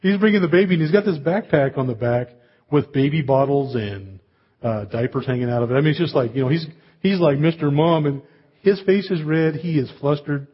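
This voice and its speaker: A man's voice: fairly high pitch, moderate pace, breathy edge, highs cut off. A man preaching a sermon as pastor, telling a humorous everyday story with chatty asides to the congregation.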